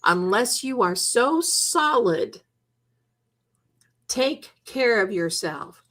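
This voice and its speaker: A psychic livestream host of Italian heritage speaks very slowly, her voice a little high, a bit bright and lively in intonation. In chatty, emphatic storytelling for her viewers, she wanders into quoted voices.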